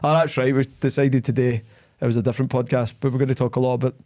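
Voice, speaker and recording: A man's voice: medium pitch, fast talker, no room sound. A man hosting a podcast in casual chat, telling stories bluntly and acting out the dialogue. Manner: animated storytelling, acting out quoted dialogue; blunt, plain-spoken. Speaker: podcast host.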